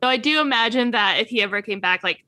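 Bright woman co-host, dry close sound, chatty episode recap, animated asides. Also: fairly high pitch, fast, no echo. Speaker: podcast co-host. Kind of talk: casual chat recapping a TV episode.

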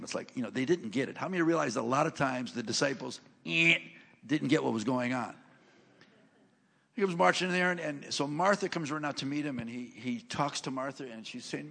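A man's voice: mid-range voice, expressive, normal speed, creaky, a bit bright, big-room sound. A man preaching a sermon, retelling a scripture story in a folksy way and reading passages aloud with rising force.

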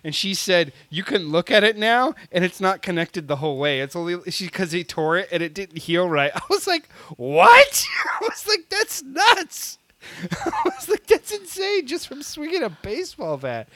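A man's voice: high-pitched, big pitch swings, moderate pace, pushed and bright, no room sound. A man co-hosting a podcast, telling a long story in casual chat, laughing often and using many fillers. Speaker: podcast co-host.

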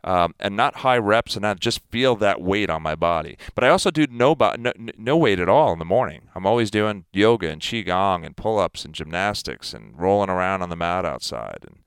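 A man in his fifties, a guest athlete, talking in a casual interview in an emphatic, animated way. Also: low voice, fairly quick, hardly any pauses, clean tone, dry recording. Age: 50s.

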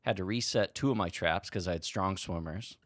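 A man co-hosting a podcast, telling a long story in an animated way and swearing freely. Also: low-pitched, a little fast, dry recording, clean studio sound. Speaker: podcast co-host. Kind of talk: casual storytelling chat.

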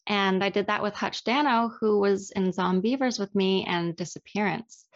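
A young actress chats casually in an interview, animated and quick to laugh at herself. Her voice sits at a middling pitch for a woman. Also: highs cut off. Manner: animated, self-deprecating, laughs often.

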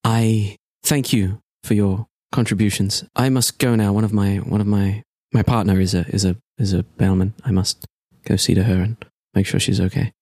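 A man voicing a stern, scholarly female headmistress who speaks formally and briskly. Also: on the low side, steady tone, a little mellow, dry recording, studio quality.

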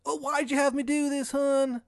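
A man voicing a whiny, tortured undead man with a Maryland accent, moaning in a high, drawn-out voice. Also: little pitch movement, no room sound, studio quality.

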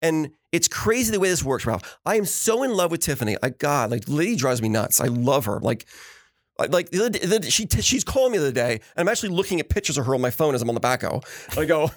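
Animated man telling stories, dry sound. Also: a little high, quick pace, no echo. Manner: animated storyteller acting out quotes. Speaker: podcast co-host. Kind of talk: casual chat.

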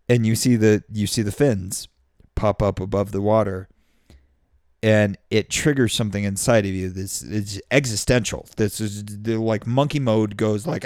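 A man's voice: lowish voice, fairly even intonation, moderate pace, a little mellow, no echo, clean studio sound. A man hosting a show alone, rambling through crude, self-mocking metaphors and swearing freely. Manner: profane, self-mocking, loose with extended metaphors. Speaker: podcast host. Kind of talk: solo rambling monologue. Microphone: studio microphone.

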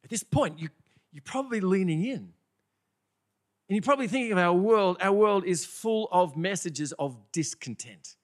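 A man preaching a sermon in a conversational, animated way, often asking the congregation questions. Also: sits high, normal speed.

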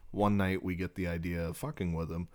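A young man co-hosting a casual podcast, telling crude anecdotes in an animated way, often laughing. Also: low voice, fairly quick. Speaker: podcast co-host. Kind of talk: casual chat, storytelling.

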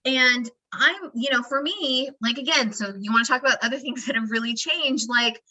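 A woman sits down for a podcast interview and talks in a bright, tense, ringing voice pitched a little high. She is chatty and animated, fills her sentences with "you know" and "like," and slips into acted-out quotes between bursts of laughter. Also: normal speed, poor audio. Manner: expressive, acts out quoted voices, laughs often. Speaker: guest, founder and emotional wellness practitioner.

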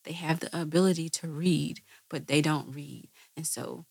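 A woman's voice: low-pitched, normal speed, gravelly, slightly rough, no room sound. A woman host answering viewer questions with earnest religious teaching, often asking rhetorical questions and checking with "right?".

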